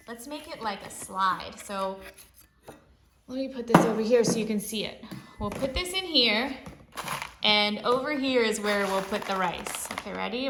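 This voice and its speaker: A young woman hosting an early-learning lesson for toddlers, talking gently in a sing-song teacher voice. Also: a little high. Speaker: children's show host. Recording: echoey room with background noise.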